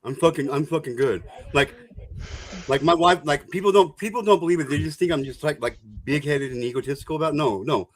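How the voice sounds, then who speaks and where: A man's voice: a little high, a little fast, slight background noise. Boastful, swearing man telling stories. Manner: boastful storyteller, swears freely. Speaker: streamer. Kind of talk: casual chat.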